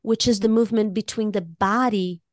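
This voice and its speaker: A woman co-hosting a conversation show, speaking as a therapist with an expressive, heartfelt delivery. She often restarts her sentences by repeating a word or two. The sound is dry and close. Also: medium pitch, moderate pace, dry recording. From Latino community. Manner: expressive, warm-hearted, repeats words when starting a thought. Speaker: podcast co-host and music therapist. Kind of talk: casual conversation.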